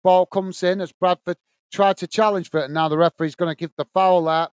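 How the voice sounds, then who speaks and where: Man, high and smooth, dry close mic, casual fan match commentary host. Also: fairly even intonation, brisk, no echo. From England. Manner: casual, reads viewer messages between play-by-play. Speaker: watch-along host. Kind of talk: live fan commentary and chat reading.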